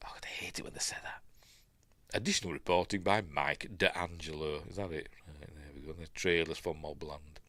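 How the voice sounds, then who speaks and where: A man's voice: a bass voice, steady tone, moderate pace, fairly bright tone, dry recording. A man with a Yorkshire accent hosting a casual live stream, rambling as he reads news and chat comments aloud and adds his own asides. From Yorkshire, England.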